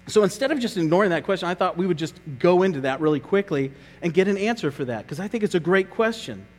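A man serving as pastor preaches a sermon in a large hall, earnest and conversational, often repeating his words as he goes. His voice is high-pitched.

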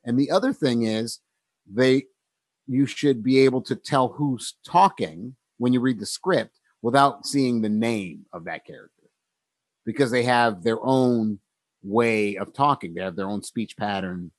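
A man in a relaxed conversation about writing, talking thoughtfully with frequent pauses, ums and easy laughter. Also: mid-range voice, dry recording.

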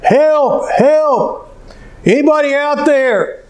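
A man preaching a sermon voices a terrified man hanging from a cliff branch, yelling frantically for help. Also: a little high, very animated, slow, gravelly, exaggerated voice, poor audio. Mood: desperate. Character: desperate man dangling from a cliff. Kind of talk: sermon story.

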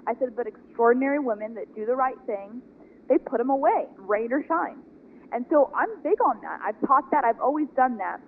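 A woman from California telling a personal faith testimony in a lively, earnest way, acting out the dialogue. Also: high voice, normal speed. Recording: tinny phone-like audio with faint noise.

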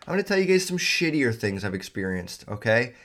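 A man's voice: medium pitch, sing-song, fairly quick, fairly bright tone. A young man hosting his own podcast, rambling casually with heavy profanity and lots of fillers. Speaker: podcast host. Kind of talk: casual solo podcast rant.

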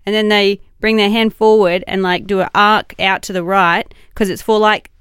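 Young woman, podcast co-host, mid-pitched, playful, dry close sound. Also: fairly even intonation, normal speed, a bit bright, clear, resonant tone, dry recording. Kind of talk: casual chat.

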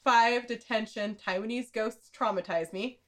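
A woman's voice: fairly high pitch, normal speed, a bit bright. A woman on a podcast, ranking games in casual chat with dry quips and frequent laughs. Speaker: podcast co-host.

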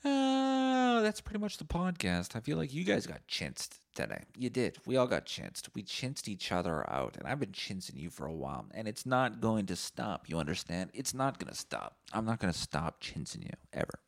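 A man's voice: low voice, huge pitch swings, moderate pace, creaky, few pauses, dry recording, studio quality. A man, hosting a solo podcast and rambling through profane, jokey stories. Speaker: podcast host. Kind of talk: solo comedic podcast monologue.

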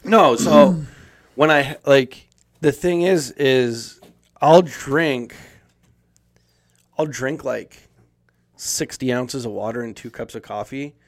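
A man's voice: medium pitch, takes it slowly, pauses often, no room sound. A young man in casual conversation, telling a long story with plenty of energy. He laughs through his own punchlines and swears freely. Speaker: podcast guest telling a story. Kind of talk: casual chat.

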